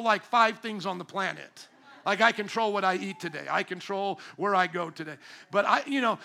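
A man preaching a sermon as pastor, lively and humorous, acting out quotes and asking the congregation questions. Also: very high voice. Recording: recorded during a church service.

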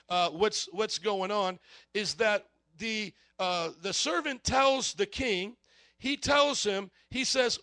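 A man's voice: sits high, no room sound. A man preaching a sermon, reading scripture with casual asides and calling on the congregation to repeat words. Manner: energetic call-and-response, casual asides.

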